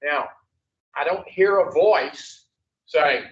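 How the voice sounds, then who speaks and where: Slow, blunt man teaching a recovery class. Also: a little high, a bit bright. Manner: blunt and profane, quizzing the class. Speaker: addiction recovery instructor. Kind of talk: classroom teaching with call-and-response. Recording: echoey room, far from the mic, dull lo-fi.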